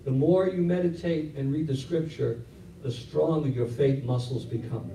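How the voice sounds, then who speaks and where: A man's voice: medium pitch, slight background noise. Man preaching in an echoey church. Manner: animated preaching, acts out Bible scenes in voices. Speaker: pastor. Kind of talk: sermon. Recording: roomy echo, from a distance.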